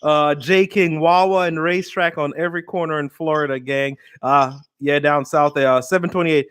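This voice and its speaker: A man's voice: fairly high pitch, fairly even intonation, normal speed, a bit bright, clean tone. A man co-hosting a casual chat, reading viewer comments aloud in a laid-back way and laughing.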